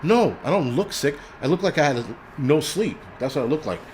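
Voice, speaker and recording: A man ranting on his own livestream at a middle pitch, swearing freely and restarting sentences as he goes. His delivery is loose and rambling, with a faint hiss of noise under the voice. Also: big pitch swings, brisk, few pauses, a little mellow. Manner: profane, rambling, frequent restarts. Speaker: livestream host. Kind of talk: casual livestream rant.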